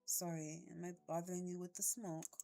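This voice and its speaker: A woman voicing a calm male smoker in a dating game, putting on a French accent and speaking quietly and unhurriedly. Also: fairly low pitch, moderate pace, gravelly, soft background music. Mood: teasing. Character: soft-spoken man, calm cigarette smoker.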